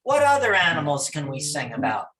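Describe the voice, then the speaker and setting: A middle-aged man, a music teacher, giving a gentle and encouraging talk on songs for young children. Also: a little high, wildly swooping pitch, brisk.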